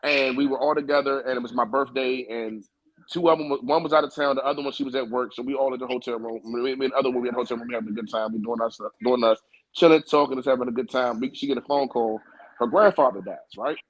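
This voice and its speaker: A man's voice: medium pitch, fairly even intonation, fast, no echo, rough recording. Profane storytelling podcast man. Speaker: podcast co-host. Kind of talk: casual podcast chat.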